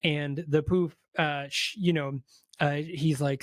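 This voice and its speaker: A man's voice: a little high, fairly even intonation, takes it slowly, no room sound, clean studio sound. A man co-hosting a podcast, casually retelling a film's plot and acting out the characters' lines with lots of fillers. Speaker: podcast co-host. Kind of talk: casual film recap.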